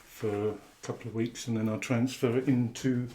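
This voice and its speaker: A man chatting casually as he brews and pours his own beer in a home bar shed, relaxed and asking tag questions. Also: medium pitch, normal speed, slight background noise, low-quality recording. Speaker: home brewer. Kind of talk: casual how-to chat. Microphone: camera mic, held by a helper.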